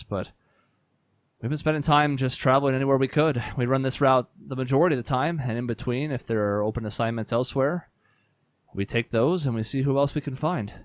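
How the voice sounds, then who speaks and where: Man doing a weary male dragonborn sailor, earnest and measured, mid-pitched, tabletop game NPC. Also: lightly acted.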